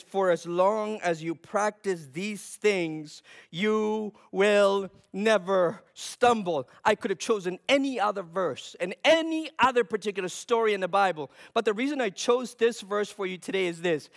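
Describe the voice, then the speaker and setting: Guy preaching w a fairly high voice, gets fired up, asks stuff then answers it himself. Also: gravelly. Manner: builds to fervent emphasis, asks and answers himself. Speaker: pastor. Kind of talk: sermon.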